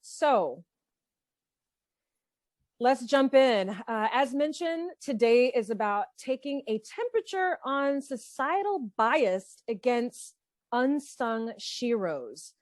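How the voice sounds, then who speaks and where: A woman hosting a panel discussion, opening the topic in a measured, deliberate way. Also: a little high, animated, dry recording. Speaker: host.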